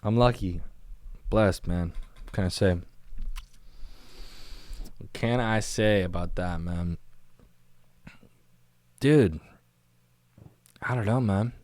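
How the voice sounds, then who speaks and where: A man's voice: lowish voice, slow pace, pauses often, darkish tone, dry recording. A man hosting a casual solo podcast from a small studio, rambling in a laid-back way and saying dude and man constantly. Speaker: podcast host. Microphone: studio microphone on camera.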